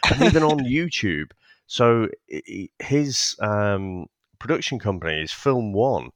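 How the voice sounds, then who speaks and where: A man's voice: fairly low pitch, very animated, unhurried, no echo. Male podcast co-host, easygoing, swears, close dry mic. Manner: laid-back, sweary, chuckling. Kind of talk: casual film review chat.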